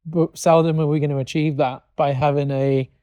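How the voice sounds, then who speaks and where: A man hosting a relaxed dog-training talk, working through his thoughts with many fillers. His voice is fairly high yet mellow, and it sounds dry and close. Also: normal speed, smooth, no room sound, muffled recording. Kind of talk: casual conversation.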